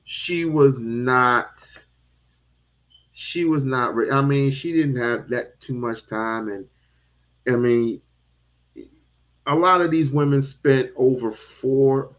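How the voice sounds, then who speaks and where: A man talking politics in a casual chat, animated and given to repeating words and casual swearing. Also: medium pitch. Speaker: podcast host. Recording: dull lo-fi sound.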